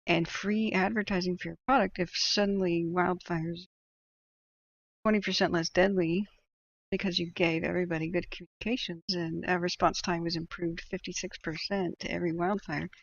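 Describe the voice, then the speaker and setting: A woman's voice: lowish voice, steady tone, moderate pace, lo-fi sound. A woman hosting a livestream and reading out chat, talking in a casual, opinionated way and laughing often.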